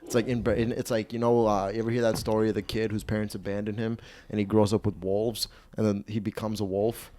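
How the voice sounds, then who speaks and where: A man's voice: fairly low pitch, level tone, fast, warm tone. A man in his twenties hosting a comedy podcast, rambling, profane and self-mocking. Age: 20s. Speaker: podcast host and stand-up comedian. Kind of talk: casual comedy podcast chat.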